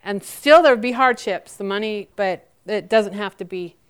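A woman in her forties answering audience questions about her near-death experience, earnest and halting, with frequent restarts. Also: mid-range voice, clean tone.

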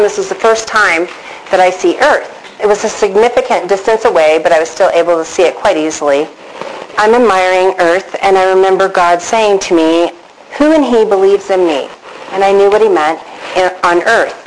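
A woman telling her own story to an audience, earnest and emotional, acting out her past thoughts with big rises in pitch. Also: a little hiss or hum, rough recording. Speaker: storyteller recounting a near-death experience. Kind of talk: personal testimony to an audience.

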